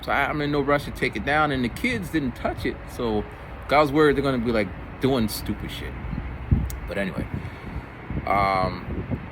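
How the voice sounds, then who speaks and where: Animated man in his forties telling stories. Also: moderate pace, long pauses, noisy background. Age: 40s. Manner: animated, jumps into high voices for quoted kids. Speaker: middle school teacher. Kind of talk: casual storytelling vlog.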